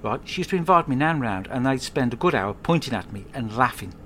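A man hosting a podcast, telling a comic monologue at home in a rambling, sweary, deadpan way. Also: mid-range voice, a little fast, slight background noise. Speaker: podcast host.

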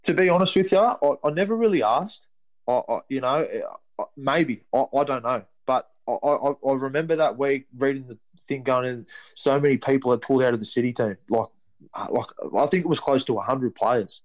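Fast-talking Australian man, rambling. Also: medium pitch, dry recording, low-quality recording. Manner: rambling with many restarts and "you know". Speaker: guest, rugby league player. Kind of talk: casual storytelling interview.

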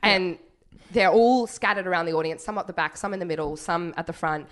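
A woman telling a story in casual chat, animated and laughing, swearing freely. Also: fairly low pitch, a little fast.

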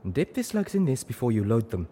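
A man voicing a calm, knowing female zebra who speaks in a measured, instructive way. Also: mid-range voice, a little hiss or hum, pitched above the performer's own voice, natural voice. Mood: instructing.

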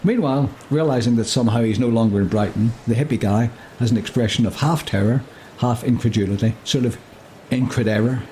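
A man's voice: medium pitch, a little fast, hardly any pauses, dark tone, a little hiss or hum. A man reading a story aloud and chatting about it in a jokey way. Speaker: story reader. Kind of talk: casual reading and chat.

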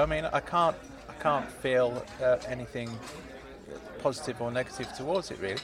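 A young man hosting a comedy podcast, narrating and chatting in a dry, low-key, exasperated way. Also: normal speed, a faint crowd. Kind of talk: deadpan comedy narration and sketch.

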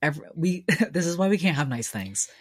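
A woman co-hosting a casual chat, telling a story in a relaxed way and laughing often. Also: deep voice, fairly quick, slightly rough. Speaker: podcast co-host.

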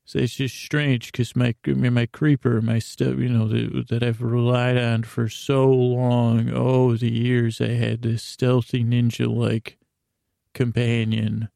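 A man telling a rambling comedic story in a deadpan, awkward way, stammering and correcting himself often. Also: mid-range voice, slow pace, gravelly, dry recording, studio quality. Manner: stammering, with many restarts and self-corrections.

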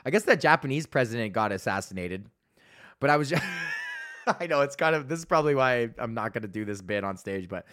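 A man's voice: mid-range voice, fairly bright tone. A male comedian hosting a solo podcast, ranting in a loose, rambling, profane way.

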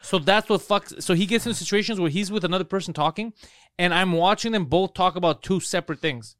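A man's voice: sits high, quick pace, dry recording, studio quality. A man co-hosting a podcast, telling stories with lots of swearing and acting out what others said in casual banter. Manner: animated storytelling, acts out quotes, swears a lot. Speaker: podcast co-host.

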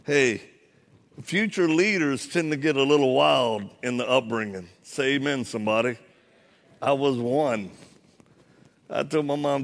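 A man's voice: medium pitch, a little slow, creaky. A man, a former Marine, preaching a sermon in a church, telling a funny story with acted-out dialogue. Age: adult, former Marine. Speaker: guest preacher. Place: church, live audience.

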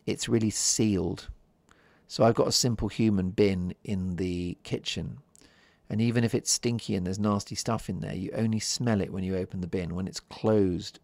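A man talks through his solo podcast in a calm, unhurried chat, keeping everything soft as if the listener may be falling asleep. His voice sits low, with a gravelly fry running under it. The sound is close and dry, with no room around it. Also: dry recording. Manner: soft-spoken, chatty, drifts into whispers. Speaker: podcast host.

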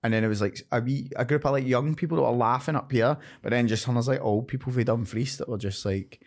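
A man's voice: mid-range voice, quick pace. A man with a Scottish accent chatting on a podcast, telling comedy gig anecdotes and laughing as he goes. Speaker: comedian guest. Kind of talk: casual chat.

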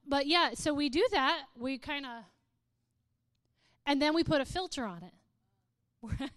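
A woman's voice: sits high, takes it slowly, a bit bright, dry recording. A woman speaking to a live audience in a playful, humorous way, often laughing and reading aloud with mock drama.

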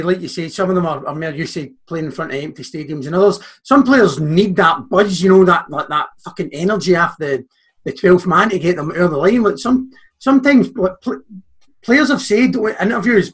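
A man's voice: high-pitched, breathy edge. A Scottish man on a casual football podcast, making earnest points and swearing as he goes. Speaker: podcast co-host.

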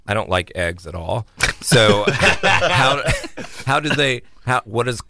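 A man's voice: medium pitch, big pitch swings, takes it slowly, vocal fry, noisy background. A man chatting as a guest, making dry, teasing remarks. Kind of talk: casual chat.

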